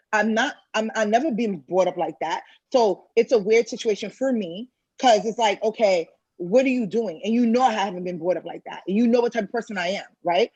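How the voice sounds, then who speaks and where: A woman's voice: medium pitch, a little mellow, breathy edge, no room sound, poor audio. A woman telling a personal story in a candid, conversational way, acting out other people's lines as she goes. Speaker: speaker sharing a personal story.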